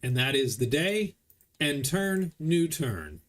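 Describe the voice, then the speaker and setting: A man's voice: fairly high pitch, very animated, slow. Man chatting through a board game. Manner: chatty, explains rules as he plays. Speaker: board game player streaming a solo playthrough. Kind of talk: casual game commentary.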